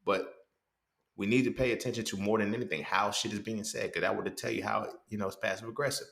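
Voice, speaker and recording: A man's voice: fairly low pitch, fairly even intonation, fast, creaky, fairly bright tone. A man hosting a casual monologue, blunt and profane, who keeps checking in with the listener. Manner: blunt and profane, keeps asking "you feel what I'm saying?". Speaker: host. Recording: roomy echo.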